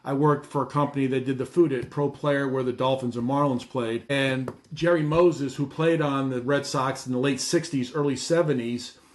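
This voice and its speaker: Middle-aged male host, relaxed conversational delivery, reads numbers aloud. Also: medium pitch, moderate pace, few pauses. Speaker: podcast host. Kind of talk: casual chat.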